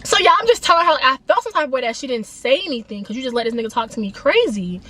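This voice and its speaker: A young woman with a bright, high voice tells a story straight to her viewers. Her delivery is animated and emphatic, full of casual slang. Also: rapid-fire. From Atlanta, USA. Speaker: vlogger. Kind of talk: storytime vlog, casual retelling.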